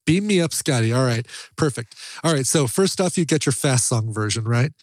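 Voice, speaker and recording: A man's voice: medium pitch, normal speed, no room sound. Playful, laughing man hosting a podcast. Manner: animated, laughs often, playful. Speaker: podcast host. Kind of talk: casual chat.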